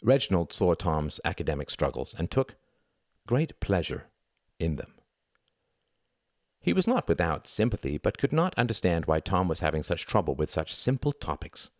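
A man reading a novel aloud as an audiobook narrator, measured and expressive. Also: low voice, no room sound, clean studio sound.

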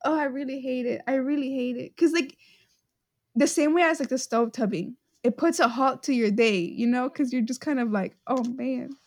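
A woman's voice: high-pitched, moderate pace. A young woman chatting casually, rambling and giggling, with lots of fillers. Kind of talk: casual chat.

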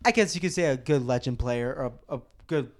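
A man hosting a casual football podcast, ranting excitedly, cursing often and restarting his sentences. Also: medium pitch, brisk, slight background noise.

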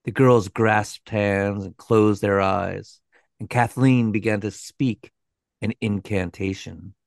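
Man, gravelly voice, slow deliberate storytelling, fairly low, dry close sound. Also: steady tone, dry recording. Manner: measured, dramatic, with a dry aside. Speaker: co-host. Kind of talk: scripted storytelling narration.

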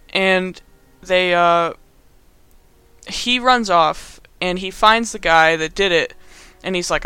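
A man's voice: sits high, unhurried, sharp tone, clean tone, no echo. Young man rambling through a movie recap. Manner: rambling, filler-heavy, laughs often. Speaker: podcast host.

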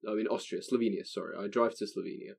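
A young man with a lowish voice tells a story in casual chat, swearing freely and circling back over his own words. He speaks into a desk microphone. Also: fairly even intonation, quick pace, vocal fry, husky. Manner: swears a lot, rambling with restarts. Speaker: podcast co-host telling a story.

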